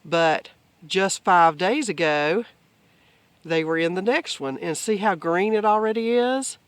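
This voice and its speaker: A man explaining grazing on his farm in a relaxed, casual way. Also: high-pitched, measured pace, clean tone, no echo. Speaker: homesteader filming the farm. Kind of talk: casual farm vlog narration. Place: outdoors on a farm pasture.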